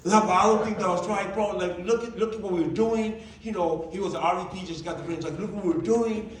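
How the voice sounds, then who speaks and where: A man's voice: sits high, quick pace, slight background noise. A man giving a motivational talk to a group, telling stories and acting out the dialogue. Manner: animated, acts out quoted dialogue. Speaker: motivational speaker. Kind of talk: storytelling presentation. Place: large meeting room. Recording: echoey hall, distant mic.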